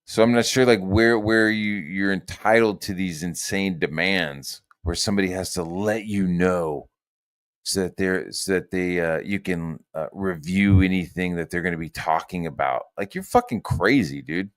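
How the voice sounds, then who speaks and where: Profane rambling male streamer, low voice. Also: normal speed. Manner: rambling, profane, swings between loud rants and mutters. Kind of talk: profane casual stream commentary.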